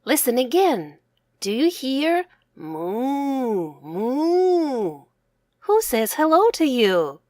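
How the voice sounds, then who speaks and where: Woman doing a patient storybook mom, slow soft explaining voice, kinda sing-songy. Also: high voice, very animated, dry recording, clean studio sound, pitched above the performer's own voice, exaggerated voice. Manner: warm, patient, explaining to a small child. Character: gentle patient young mother.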